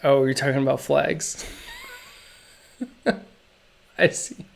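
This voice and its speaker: A man streaming live as he draws, chatting casually in slow, musing, self-critical asides, his throat feeling a little off. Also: mid-range voice, fairly even intonation, gravelly. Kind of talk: casual live-stream chat while drawing.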